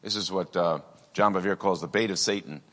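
A man with a low but bright, forceful voice delivers a sermon, talking loosely and conversationally with asides. The sound carries the long reverb of a large church hall. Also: fairly even intonation, a little fast. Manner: conversational preaching with many asides and fillers. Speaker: pastor.

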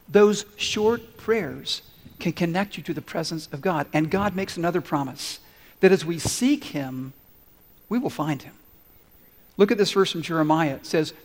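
Earnest high-voiced preaching man. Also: animated, moderate pace. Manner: earnest, conversational preaching with audience questions. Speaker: pastor. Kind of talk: sermon. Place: large church. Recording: long hall reverb.

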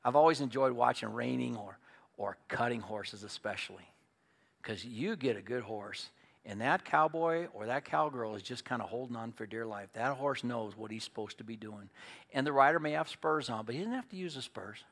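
Folksy gravelly-voiced preacher man. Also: medium pitch, moderate pace, a bit bright. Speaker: pastor. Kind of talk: sermon.

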